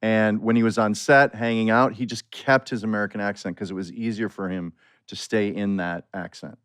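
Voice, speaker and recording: Male podcast guest, middle-aged, lowish voice, easygoing rambling, dry studio sound. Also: normal speed, smooth, no room sound. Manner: relaxed, explains at length with many "like" fillers. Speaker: podcast guest, comedic actor. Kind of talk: casual chat.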